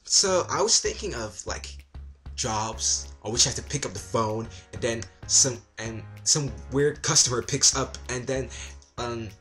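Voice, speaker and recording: A man's voice: medium pitch, expressive, measured pace, fairly bright tone, soft background music. A young man hosting a comedy sketch vlog, chatty and rambling, often breaking off mid-sentence. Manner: chatty, rambling, self-interrupting. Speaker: vlogger.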